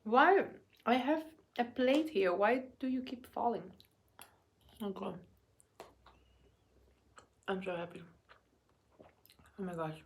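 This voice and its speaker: Brief: young adult woman, eating-vlog chat, slow, unhurried delivery, halting, drops to murmurs and whispers. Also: medium pitch, expressive. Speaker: vlogger.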